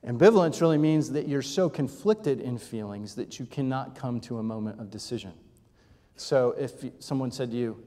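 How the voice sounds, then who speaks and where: A man's voice: mid-range voice, moderate pace, dark tone. A male pastor preaching a sermon in a conversational teaching manner, often asking rhetorical questions and checking in with his listeners. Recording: long reverb of a large hall.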